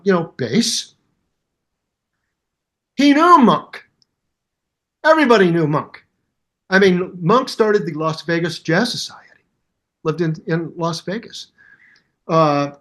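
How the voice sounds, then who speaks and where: Man, 70s, hyper, animated storyteller, acts out voices, interview guest, fairly high voice. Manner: acts out voices in his anecdotes. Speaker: guest musician.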